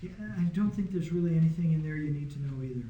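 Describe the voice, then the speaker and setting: Relaxed man teaching in an echoey room. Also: on the high side, fast talker, lo-fi sound. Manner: patient, conversational, often checking understanding. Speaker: Greek teacher. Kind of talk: informal classroom lesson. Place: small classroom.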